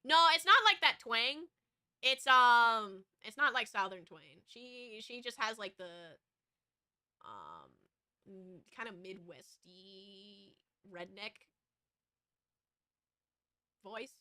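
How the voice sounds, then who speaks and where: A woman's voice: on the high side, sing-song, slow pace, pauses often, pushed and bright, clear, resonant tone, no echo, studio quality. A woman streamer with an American West Coast accent, chatting casually and rambling. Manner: rambling, with frequent fillers and restarts. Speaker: VTuber streamer. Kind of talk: casual chat.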